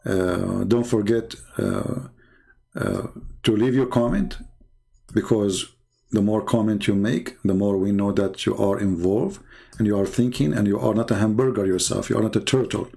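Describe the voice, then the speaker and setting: A man hosting a live debate channel, telling a mocking story in a sarcastic, jokey, animated way. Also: lowish voice, normal speed, gravelly, husky.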